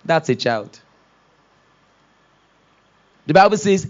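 Pastor man preaching, high lively voice, kinda dull lo-fi sound. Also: normal speed. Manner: animated, acts out quoted voices, laughs often. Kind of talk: sermon.

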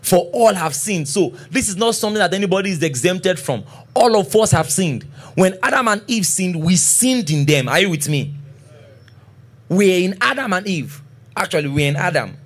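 Animated pastor preaching, high voice. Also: male voice. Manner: preaching with frequent call-and-response checks; reads scripture slowly and deliberately. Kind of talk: sermon.

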